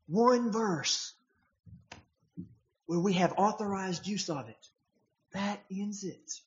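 A man's voice: sits high, a bit bright, lo-fi sound. A man preaching a sermon, emphatic and posing rhetorical questions to his congregation.

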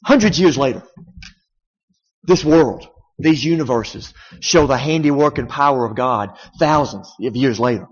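A man's voice: mid-range voice, normal speed, breathy edge. A man preaching a sermon in an emphatic, conversational way, often asking the congregation rhetorical questions. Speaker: pastor. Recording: dull sound in a reverberant hall.

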